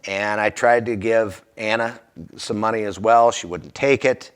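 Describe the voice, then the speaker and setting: A man's voice: on the low side, fairly even intonation, measured pace, smooth. A man earnestly recounting a personal anecdote from his charity volunteer work in a folksy, conversational way.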